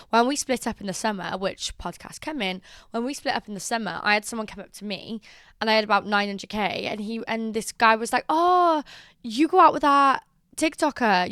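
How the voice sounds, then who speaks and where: Chatty young woman, smooth voice. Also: mid-range voice, dry recording, clean studio sound. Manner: chatty and animated, acts out quotes. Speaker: social media creator. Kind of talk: casual advice vlog.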